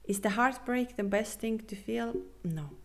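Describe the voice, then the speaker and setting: A woman hosting a spiritual podcast, talking earnestly and reassuringly with non-native phrasing, sometimes dropping to a soft half-whisper. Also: fairly high pitch, unhurried. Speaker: podcast host and spiritual coach. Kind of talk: casual podcast monologue.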